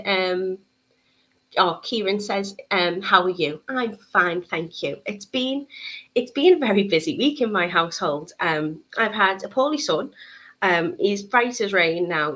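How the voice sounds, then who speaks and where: With a fairly low, slightly bright voice, this young bead shop host chats cheerfully through a live bead-craft tutorial stream. She greets her viewers and pads silences with plenty of ums.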